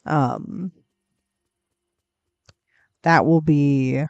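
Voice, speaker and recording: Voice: mid-range voice, expressive, takes it slowly, vocal fry, dark tone, no room sound. A game streamer in casual gameplay commentary, chatty and rambling, cooing at pets in the game, close to a desk mic.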